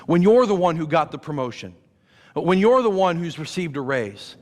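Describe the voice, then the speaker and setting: A man in his thirties preaches from a church pulpit in a fairly high voice, talking to the congregation in a conversational way and stacking up rhetorical questions. The sound rings with the long reverb of a large sanctuary. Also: very animated, moderate pace. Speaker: pastor. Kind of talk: sermon.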